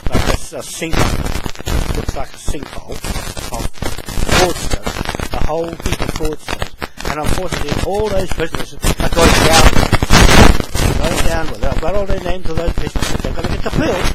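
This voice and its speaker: A man ranting angrily to camera, swearing and demanding "right?" after nearly every point. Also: on the high side. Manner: confrontational, swearing, repeats "right?" often. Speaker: self-declared land owner and chief. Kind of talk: angry rant to camera. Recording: loud background noise.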